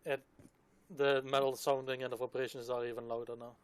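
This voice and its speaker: A man narrating as dungeon master, describing the scene in a relaxed, casual way. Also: medium pitch, fairly quick, smooth. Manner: descriptive, laid-back, casual swearing. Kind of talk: narrating a tabletop game.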